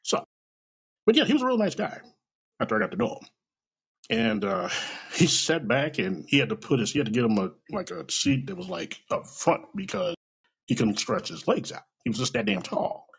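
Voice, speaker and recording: A middle-aged American man tells a story in a casual, swearing monologue, his husky, gravelly voice rising and falling in a lively way. The recording is dull and lo-fi. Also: fairly high pitch, moderate pace. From United States. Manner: animated, swears, laughs, acts out dialogue.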